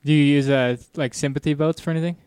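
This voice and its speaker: A man's voice: a little high, fairly even intonation, quick pace, darkish tone, clean tone, no echo, clean studio sound. A man co-hosting a podcast, goofy and crude in casual chat. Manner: goofy, crude, laughs often. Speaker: podcast co-host.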